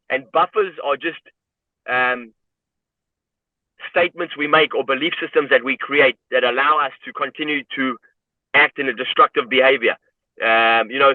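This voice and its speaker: Guest: man from South Africa, reflective storyteller, mid pitch, dry tinny call audio. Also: dry recording. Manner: reflective, repeats "you know" often. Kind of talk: personal story in interview. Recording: tinny phone-like line, dry.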